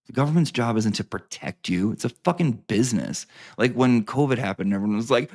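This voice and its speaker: A man's voice: medium pitch, very animated, fairly quick, few pauses, a bit bright. A man ranting to his viewers, sarcastic and full of swearing, repeating lines for emphasis. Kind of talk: profane sarcastic rant to camera.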